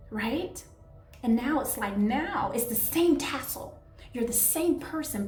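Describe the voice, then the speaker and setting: A woman giving a casual tarot reading, chatty and affectionate, often searching for words. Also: a little high. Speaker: tarot reader. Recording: echoey room, voice a bit far from mic, soft music behind.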